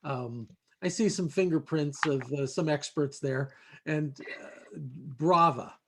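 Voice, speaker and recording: A man's voice: fairly high pitch, slow, noisy background. A man hosting a roundtable who praises his guest and explains the storytelling technique she used. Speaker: host. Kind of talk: host commentary.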